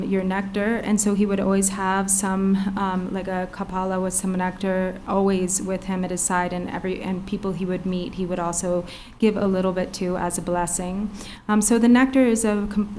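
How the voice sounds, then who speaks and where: A woman interpreting a Buddhist teaching into English, halting and pausing often with filler sounds. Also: medium pitch, darkish tone, slight background noise.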